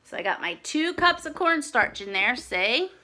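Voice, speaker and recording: Woman, children's storyteller, high bright voice, lively sing-song delivery, slow and expressive. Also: heavy background noise. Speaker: children's storyteller and craft host. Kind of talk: reading a picture book aloud, then a craft demo.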